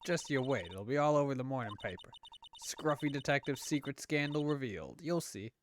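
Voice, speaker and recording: A man's voice: medium pitch, expressive, fairly quick, slight background noise, close to an everyday voice. A man voicing a pushy female reporter with a put-on Southern US accent, reading game dialogue. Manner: brash, insistent.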